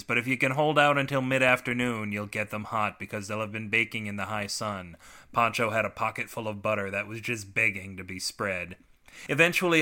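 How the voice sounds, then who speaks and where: Guy doing a goofy podcast, reads his own story, dry self-mocking jokes, very bright sharp voice. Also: lowish voice. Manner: sardonic, self-mocking deadpan asides. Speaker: podcast host reading his own short fiction. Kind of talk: comic podcast monologue and story reading.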